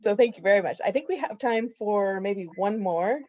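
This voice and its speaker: A woman's voice: mid-range voice, lively intonation, normal speed, a little mellow, no echo. An upbeat woman hosts a club meeting over a video call and rambles cheerfully. Her sound is dry and close. The audio is dull and lo-fi. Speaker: meeting host leading table topics.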